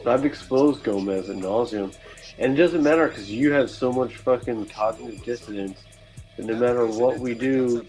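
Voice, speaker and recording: A man's voice: mid-range voice, moderate pace, darkish tone, faint music behind, rough recording. A man on a livestream ranting with dismissive, profane exasperation about someone arguing in bad faith. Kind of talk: frustrated livestream rant.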